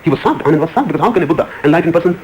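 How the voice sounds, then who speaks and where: Guy giving a spiritual talk, talks fast, keeps stressing and repeating words, faint hum behind. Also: fairly high pitch, lively intonation, a little mellow, dull audio. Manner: emphatic, repetitive, rising emphasis on key words. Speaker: spiritual speaker. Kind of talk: storytelling discourse.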